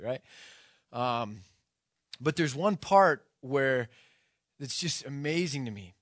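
Casual joking pastor, dry close sound. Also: male voice, medium pitch, fairly bright tone, no echo. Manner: casual, joking asides, fillers, builds to emphatic storytelling. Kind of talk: conversational sermon.

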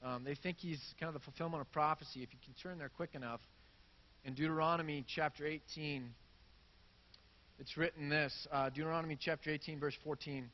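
A man's voice: fairly high pitch, fairly quick. Conversational man preaching, lo-fi sound. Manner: casual, conversational preaching with animated retellings. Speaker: pastor. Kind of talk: sermon.

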